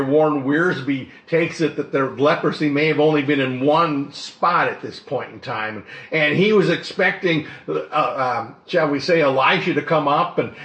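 A man's voice: fairly high pitch, a bit bright, echoey room. A male pastor preaching a sermon in a conversational way, often asking the congregation questions.

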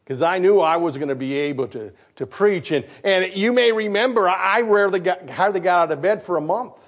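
Pastor, male, slightly high voice, lively sermon full of questions to the congregation, muffled lo-fi recording. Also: brisk. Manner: animated, questions the congregation, acts out quotes. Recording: dull lo-fi recording.

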